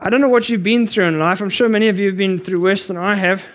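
Guy with a really high voice preaching a sermon, earnest, kinda rushing. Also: steady tone. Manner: earnest, emphatic, rushes at times. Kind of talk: sermon to trainee missionaries.

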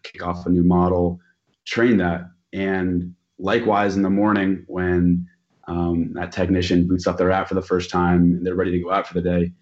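A man's voice: low-pitched, lo-fi sound. A man guest explaining a technical topic, filling his sentences with "um" and "you know". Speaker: expert guest.

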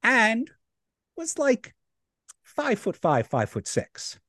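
A young man and podcast co-host, telling a story in casual chat, animated and laughing as he acts out the people in it. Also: extremely high pitch, slow, no echo, studio quality.

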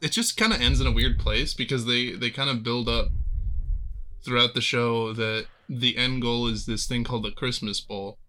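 A man with a mid-range voice and a very bright, sharp tone, chatting casually. He talks in a relaxed, hesitant way and fills his pauses with "um" and "kinda". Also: medium pitch, low-quality recording. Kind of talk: casual chat.

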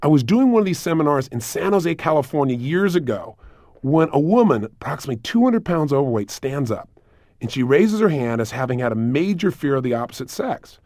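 A man's voice: on the high side, sing-song, fairly quick, a little mellow, dry recording, studio quality. A man giving a recorded self-help lecture as a motivational speaker, emphatic and repetitive, telling stories.

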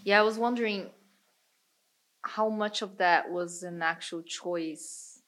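A woman talks in a casual group discussion and poses questions about the film. She sounds reflective and thoughtful. Her voice sits fairly low for a woman. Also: slow, fairly bright tone, low-quality recording.

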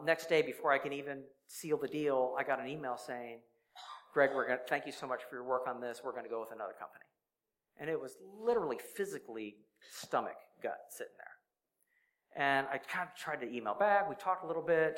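A man's voice: fairly high pitch, a bit bright, poor audio. A man giving a confessional testimony as a church speaker, speaking earnestly through a sore, dry throat. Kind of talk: personal testimony sermon.

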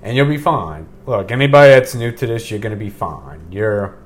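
Low-voiced man rambling casually on a podcast. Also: normal speed. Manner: relaxed, rambling, swears casually. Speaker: podcast host. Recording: faint background hiss.

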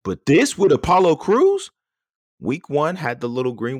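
A man co-hosting a podcast in casual chat, ranting in an animated, exasperated way with many restarts. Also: medium pitch, normal speed, husky, dry recording, studio quality. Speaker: podcast co-host.

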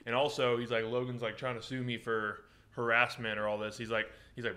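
A man's voice: medium pitch, little pitch movement, brisk, few pauses, bright, forceful tone. A man co-hosting a podcast, retelling stories in casual chat, full of "like" and "he's like.".

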